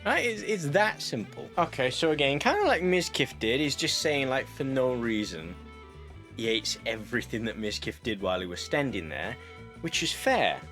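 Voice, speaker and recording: A man's voice: mid-range voice, sing-song, moderate pace, a bit bright, soft background music. A British man hosting a reaction commentary, sarcastic and prone to wandering off on tangents. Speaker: commentary host.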